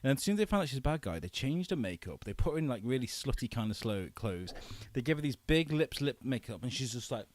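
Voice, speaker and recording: A man talking as a guest on a podcast, telling stories in an animated way, acting out quotes and swearing freely. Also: medium pitch, quick pace, dry recording. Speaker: filmmaker guest. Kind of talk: casual podcast chat.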